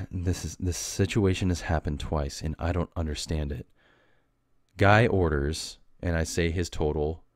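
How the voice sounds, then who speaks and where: A young man with a low, deep voice talks alone into a close mic, the sound dry and dead. He rants in a casual, exasperated way and mocks people with a sarcastic edge. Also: no echo. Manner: ranting, exasperated, mocking. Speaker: podcast host. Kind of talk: casual solo podcast monologue.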